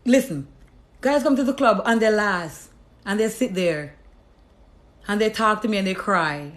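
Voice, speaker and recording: A woman's voice: expressive, measured pace, long pauses. A woman giving a casual, emphatic and profane monologue, telling her life testimony to an audience. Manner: emphatic and profane, acts out conversations with God in lower tones. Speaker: storyteller sharing her testimony.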